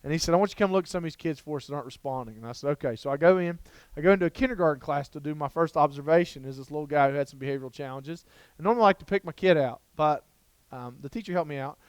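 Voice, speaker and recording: Animated storytelling man, crisp clear voice. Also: on the high side, rapid-fire, no echo. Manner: down-to-earth, animated, jokey. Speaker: child development speaker. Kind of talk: storytelling keynote talk. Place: lecture room before an audience.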